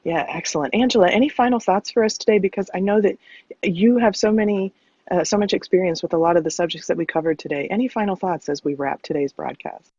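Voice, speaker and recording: A man co-hosting and moderating a live audio show, giving announcements in a smooth, playful announcer style. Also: high-pitched, fast, a little mellow, dry recording, highs cut off. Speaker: co-host and moderator.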